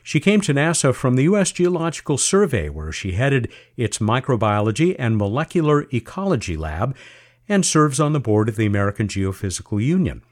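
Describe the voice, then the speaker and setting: Man, radio show host, animated intonation, chatty, playful asides. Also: medium pitch, fairly quick. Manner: lively, chatty, jokey asides. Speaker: podcast host. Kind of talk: radio interview.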